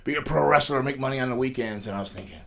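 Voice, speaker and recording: A middle-aged man speaks quickly in a studio interview. His pitch sits in the middle. He rambles through stories with many restarts. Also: gravelly, pushed and bright. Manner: fast, rambling storytelling with frequent restarts and laughs. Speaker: guest, pro wrestler. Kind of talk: casual storytelling interview.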